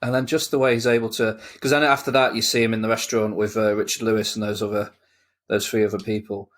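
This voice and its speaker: A man's voice: lowish voice, level tone, fast. A man co-hosting a film review podcast. He talks in a thoughtful, earnest way and picks out small details. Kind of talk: casual film review chat.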